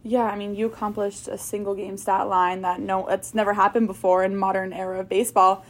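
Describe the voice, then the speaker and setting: A woman's voice: medium pitch, flat delivery, brisk. A woman hosting a podcast interview, asking questions in a playful, upbeat way. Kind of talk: casual interview.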